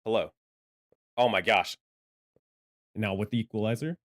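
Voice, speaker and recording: A man streaming from home, loud and self-deprecating, rambling through casual mic tests on a studio microphone. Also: lowish voice, moderate pace, pauses often. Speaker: gaming content creator and streamer. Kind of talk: casual livestream mic testing. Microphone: studio microphone with equalizer.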